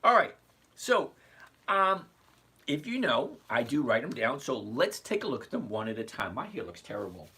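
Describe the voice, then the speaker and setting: A man in his sixties hosts a casual livestream and chats his way along, greeting viewers by name. His voice is husky, with a lively, bouncing intonation. The tone is easygoing and conversational. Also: mid-range voice, moderate pace. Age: 60s. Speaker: host of an investing livestream.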